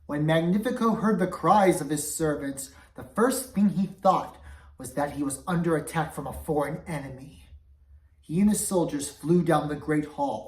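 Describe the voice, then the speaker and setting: A woman's voice: low-pitched, a little mellow. A woman reading a chapter book aloud with dramatic expression, in a roomy recording from a distance. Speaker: storybook reader. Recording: roomy, voice away from mic.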